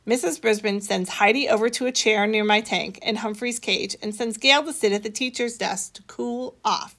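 A woman reading a children's story aloud, expressive, with a bright, animated delivery. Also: moderate pace. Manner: expressive, voices the children's dialogue higher.

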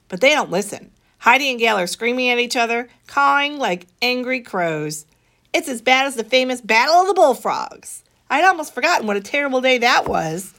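A woman reading a children's story aloud, expressive, with a bright, animated delivery. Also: normal speed. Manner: expressive, voices the children's dialogue higher.

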